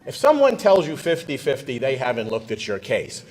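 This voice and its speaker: Lively, punchy middle-aged male lawyer. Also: medium pitch, moderate pace, poor audio. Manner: folksy, punchy, talks straight to the audience. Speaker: trial lawyer presenting at a legal seminar. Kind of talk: conference presentation.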